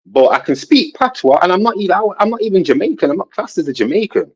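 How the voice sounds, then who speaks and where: A man telling a long personal story in a casual panel talk, rambling and animated, often asking "you know what I'm saying". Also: sits high, quick pace, slightly rough. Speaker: guest. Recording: dull lo-fi sound.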